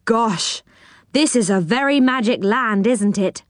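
A woman's voice: on the high side, lively intonation, measured pace, no echo, studio quality. A woman voicing an eager, cheerful young boy in a storybook reading.

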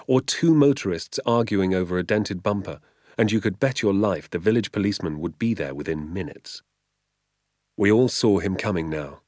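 A man narrating an audiobook in a low, grounded voice. He reads in a measured, vivid storytelling manner, and the recording is dry and close, with no room sound. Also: darkish tone, no room sound. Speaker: audiobook reader.

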